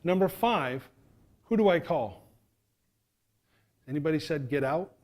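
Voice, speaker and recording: A middle-aged man from New York giving an animated fire safety talk, acting out the voices in his stories. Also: a little high, unhurried. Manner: animated, acts out quoted voices.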